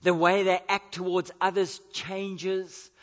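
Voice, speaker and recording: A male preacher with a high, bright, forceful voice, driving his points home with repetition. His sermon rings with a long hall echo, and the recording is dull and lo-fi. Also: flat delivery, slow. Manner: emphatic, repetitive, building to forceful declarations.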